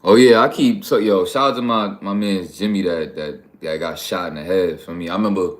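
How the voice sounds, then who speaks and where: A man's voice: low voice, brisk. A man from New York hosting a livestream, talking bluntly and profanely in a rambling, casual way. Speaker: livestream host.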